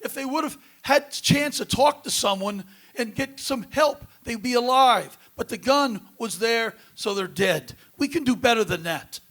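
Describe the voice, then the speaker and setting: Guy running for congress, fairly high voice, earnest and pushy, lots of uhs. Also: animated, moderate pace, fairly bright tone. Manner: earnest, emphatic, many uh fillers. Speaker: congressional candidate. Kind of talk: debate answers.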